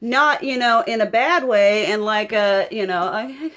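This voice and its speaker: Slow-talking young woman vlogger. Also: on the high side, fairly bright tone. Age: young adult. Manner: emotional, rambling, heartfelt. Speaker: beauty vlogger. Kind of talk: casual get-ready-with-me chat.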